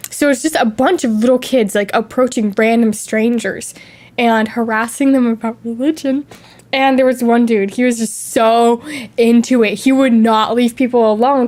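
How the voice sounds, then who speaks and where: A young woman with a high, light voice chats casually on a stream. She is sick with a lingering cough and tells stories in an animated, lively way. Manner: animated, chatty storytelling with acted-out quotes. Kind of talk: casual chat.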